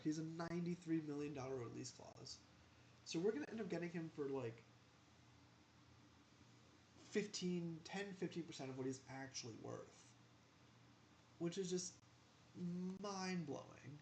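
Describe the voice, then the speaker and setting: A man's voice: a little high, expressive, normal speed, pauses often, a little mellow, slight background noise. A man giving casual gameplay commentary as a gaming channel host, rambling in asides and talking back to the game.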